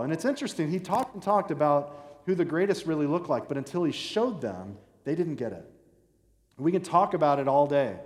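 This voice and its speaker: A man preaching a sermon to a church congregation in a relaxed, conversational way, joking and acting out the people in his story. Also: a little high. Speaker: pastor. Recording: echoey hall with long reverb.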